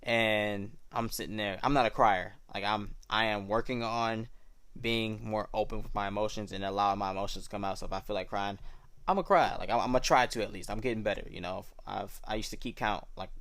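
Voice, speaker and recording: A young man with a fairly low voice tells his faith story in a loose, slangy, reflective way. The sound is dry and close, with no room around him. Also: steady tone, a little fast, fairly bright tone, no room sound. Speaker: podcast host sharing his testimony. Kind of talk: casual personal storytelling.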